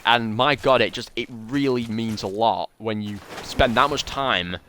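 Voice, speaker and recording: A man's voice: medium pitch, measured pace, a bit bright, a little hiss or hum. A young man rambling and joking about himself as he chats casually to viewers while streaming a shooter game. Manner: rambling, chatty, self-deprecating. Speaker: gaming streamer. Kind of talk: casual live-stream commentary while playing.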